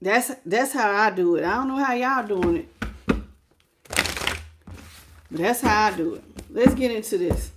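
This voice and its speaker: A woman's voice: mid-range voice, slow pace, pauses often, background noise. A woman tarot reader giving a preachy, emphatic spiritual pep talk in casual, repetitive speech.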